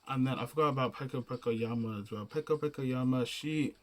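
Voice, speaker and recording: A man's voice: mid-range voice, fast, slight background noise. A young adult man giving a casual, unscripted game review, rambling and slangy, often restarting sentences and searching for words.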